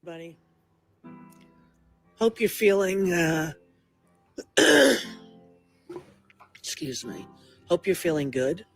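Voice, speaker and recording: A man rambling in a halting home video monologue, often clearing his throat. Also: high-pitched, very animated, fairly bright tone, faint music behind.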